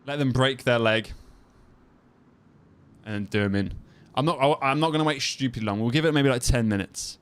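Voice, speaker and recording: A man's voice: medium pitch, normal speed, clean tone. A young man talks through his game in a loose, chatty way. He rambles, circles back and repeats his phrases, sitting close to his headset mic. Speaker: streamer. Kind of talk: casual gameplay commentary and chat.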